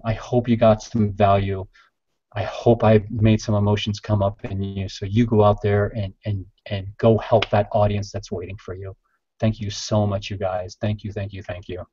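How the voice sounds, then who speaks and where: A man's voice: lowish voice, a little mellow, breathy edge, no room sound. A man giving a passionate motivational talk to a group over a call, urging and repeating phrases. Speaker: guest speaker. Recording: dull, dry lo-fi audio.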